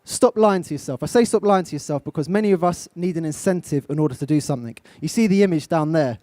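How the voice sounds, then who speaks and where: A man's voice: a little high, quick pace, dark tone, dry recording. A young man from England giving a live motivational talk, direct and coaching, putting questions to his audience. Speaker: motivational speaker. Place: event stage.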